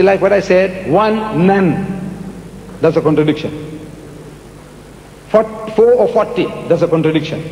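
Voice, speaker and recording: A man's voice: high voice, a little mellow. A man giving a public lecture and answering audience questions, emphatic and repetitive, coaxing his listeners. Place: large lecture hall. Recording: echoey archive hall recording, faint hiss.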